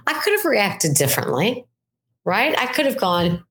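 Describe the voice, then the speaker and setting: An older woman speaking as a weight-loss coach in a solo mindset talk, conversational and animated, often checking in with the listener by asking "right?". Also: mid-range voice, normal speed.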